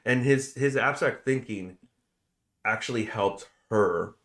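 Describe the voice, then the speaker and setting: A man casually retelling a film's plot on a podcast, animated and joking. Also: medium pitch. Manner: animated retelling, quick jokes. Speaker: podcast host. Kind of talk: casual movie discussion.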